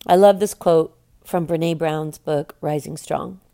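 A woman's voice: deep voice, steady tone, unhurried, creaky, mellow. A middle-aged woman hosting a podcast, talking about her own experience in a candid, wry and blunt way. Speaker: podcast host. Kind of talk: reflective personal talk.

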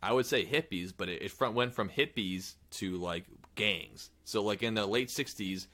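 Man, podcast co-host, low voice, bright forceful tone, rambling casual storytelling. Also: normal speed. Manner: rambling, animated retelling with profanity.

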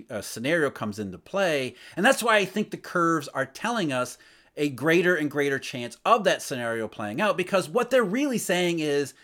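A man giving solo market commentary, emphatic, asking rhetorical questions as he explains. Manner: emphatic, rhetorical questions, lively swings in pitch and loudness. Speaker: financial commentator.

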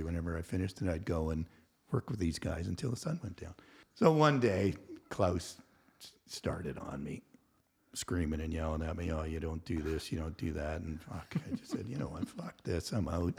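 A man's voice: low voice, gravelly, slightly rough. A man in his sixties, a podcast guest, telling a work story in casual chat, acting out the people he quotes and swearing freely. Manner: animated storyteller who acts out quotes, laughs and swears.

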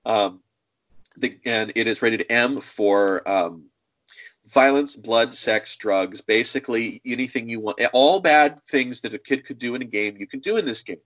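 A man co-hosting a podcast, telling stories in a casual, animated way. He acts out other people's voices as he goes. His voice sits in a middle pitch. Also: a little slow, poor audio. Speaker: podcast co-host. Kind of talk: casual storytelling.

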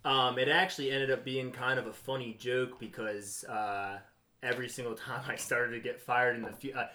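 A man talking as a podcast guest, laid-back and halting, swearing casually. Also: mid-range voice, fairly even intonation, sharp tone, slight background noise.

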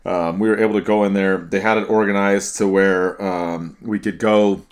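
A man hosting a casual sports podcast, speaking in a relaxed way with frequent restarts and repeated words. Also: sits low, moderate pace. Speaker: podcast host.

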